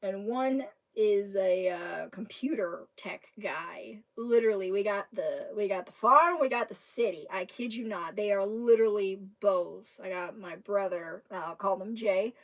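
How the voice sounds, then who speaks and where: A woman from Kentucky with a Southern accent, chatting to her livestream viewers, laughing often as she rambles through a story. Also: medium pitch. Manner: laughing often, rambling with restarts and drawn-out words. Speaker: livestream host. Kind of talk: casual storytelling chat to viewers.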